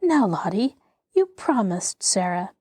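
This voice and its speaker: A kind, composed schoolgirl from a storybook speaks in a steady, gentle voice. A woman gives her voice while narrating. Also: medium pitch, slow pace, breathy edge, no echo, clean studio sound, heavily acted. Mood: soothing.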